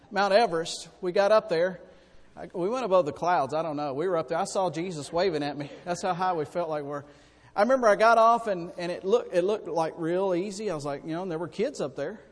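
A man preaching a sermon, folksy and animated, telling personal stories. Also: high voice, fairly quick. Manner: folksy, animated storytelling with sudden loud bursts. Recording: long hall reverb.

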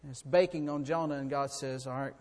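A man preaching a sermon, swinging from quiet storytelling to loud, impassioned passages and often repeating words. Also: fairly high pitch, steady tone, brisk. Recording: long hall reverb.

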